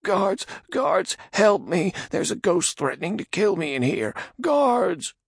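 A man voicing a fat male prisoner who is terrified of the dark, shrill and whining in a high, frightened voice. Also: animated, unhurried, creaky, husky, no echo, studio quality, full character voice. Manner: whiny and frightened.

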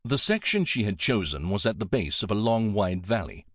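A man reading a romance fantasy audiobook in expressive, measured scripted narration. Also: on the low side, dry recording, studio quality.

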